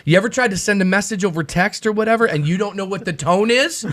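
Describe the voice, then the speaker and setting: Animated high-voiced man talking scripture. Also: quick pace. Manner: animated, restarts often, jokey. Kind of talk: casual podcast discussion.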